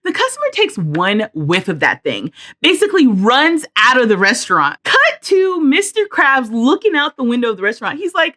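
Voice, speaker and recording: A woman giving a casual voice-over, her pitch bouncing all over as she retells a story with emphatic, slangy flair. Her voice sits fairly high and sounds bright and sharp. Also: big pitch swings, moderate pace, few pauses. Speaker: Sims builder and vlogger.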